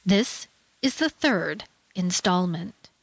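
A woman hosting a radio reading service, introducing the program in a slow, deliberate way. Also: fairly low pitch, lively intonation, creaky, no echo.

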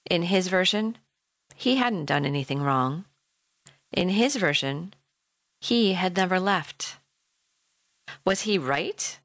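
A middle-aged woman narrating a memoir audiobook in a measured, reflective way, close to the mic. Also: lowish voice, a bit bright, no room sound.

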